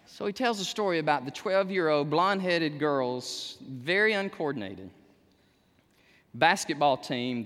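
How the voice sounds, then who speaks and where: A male pastor preaching a sermon in a church, animated, with sudden shouts and humorous asides. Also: on the high side. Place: church sanctuary. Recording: echoey church hall.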